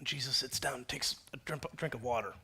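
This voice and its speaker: A man's voice: mid-range voice, steady tone, brisk, bright, forceful tone, slight background noise. A man preaching as a pastor, telling the story in a playful, conversational way and acting out the characters. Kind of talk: sermon with acted-out storytelling.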